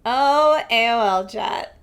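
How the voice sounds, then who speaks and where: A woman's voice: fairly high pitch, slow pace. A woman in her thirties from the Philadelphia area, chatting casually and animatedly with her stream viewers, laughing often and saying "like" a lot. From Philadelphia and New Jersey area.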